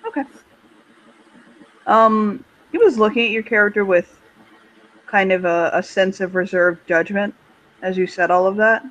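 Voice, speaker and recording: A man narrating a tabletop game as game master, hesitant, with many pauses and fillers. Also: high-pitched, fairly bright tone, lo-fi sound.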